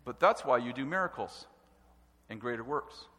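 A man preaching a sermon with animated, emphatic delivery and stresses that rise to a shout. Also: medium pitch, moderate pace. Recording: long hall reverb.

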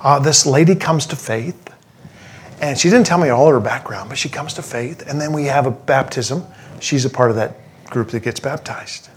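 Animated man preaching a story sermon. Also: mid-range voice, moderate pace, slight background noise. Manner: animated, with self-deprecating humor. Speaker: pastor.

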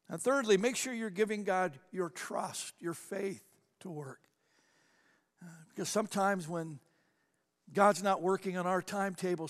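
A pastor preaching a sermon, telling a personal story in an animated way and acting out the people in it. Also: male voice, sits high. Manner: animated storytelling, acts out quotes. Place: church sanctuary. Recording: long church hall reverb.

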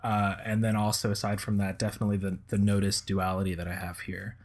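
A man's voice: fairly low pitch, monotone, fast talker. A man co-hosting a casual podcast chat as a watch reviewer, speaking hesitantly with many restarts.

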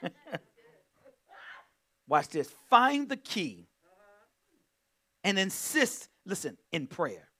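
A male pastor preaches with a high, ringing voice that leaps all over the scale. He is fervent, bursting into exclamations and hums between points, and keeps calling on his listeners to respond. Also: big pitch swings, extremely slow, long pauses, pushed and bright. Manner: calls on the congregation to respond. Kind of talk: sermon.

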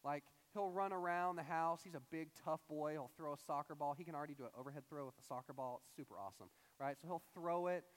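A young male pastor preaches in an easy, conversational way, acting out voices as he explains the passage. His voice sits a little high for a man. The sound rings with the long reverb of a large hall. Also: quick pace, hardly any pauses. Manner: animated, conversational, acts out quoted voices. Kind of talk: sermon.

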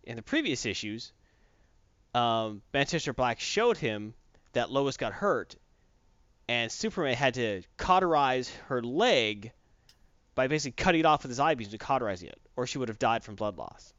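A man's voice: medium pitch, big pitch swings, moderate pace, fairly bright tone, clean tone, no echo, lo-fi sound. A man in casual chat, recapping a comic book plot in a rambling way with many fillers and restarts.

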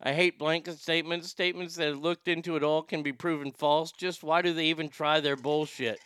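A man's voice: a little high, fairly even intonation, brisk, a bit bright, clear, resonant tone, no room sound, clean studio sound. A man giving loose, rambling commentary on a clip, with sighs and the odd curse. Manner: rambling, sighing, swearing. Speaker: streamer reacting to clips. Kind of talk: casual commentary.

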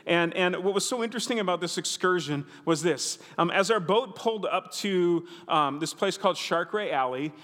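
A male pastor preaching a sermon, telling a story in an animated, conversational way with asides to the congregation. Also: sits high, moderate pace, few pauses, long reverb tail.

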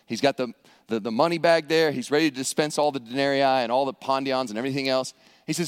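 A man's voice: mid-range voice, steady tone, fast talker, clean tone, big-room sound. A man preaching a sermon, acting out scenes with humor. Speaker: pastor.

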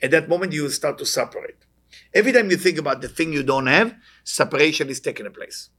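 A man's voice: a little high, quick pace, a bit bright. A man giving a spiritual lecture to an audience, earnest and questioning, often repeating short phrases. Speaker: Kabbalah teacher.

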